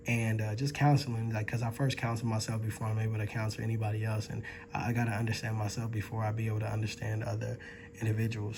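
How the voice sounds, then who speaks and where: A man's voice: lowish voice, noisy background. A man and ministry student giving an earnest, reflective spoken chapter review, with fillers and restarts.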